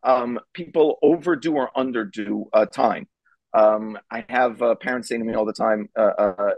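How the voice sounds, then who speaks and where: A middle-aged man, a rabbi telling a story on a charity broadcast panel, casual and animated, with many fillers. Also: medium pitch, brisk, vocal fry, slightly rough, dry recording, low-quality recording. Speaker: rabbi and parenting speaker.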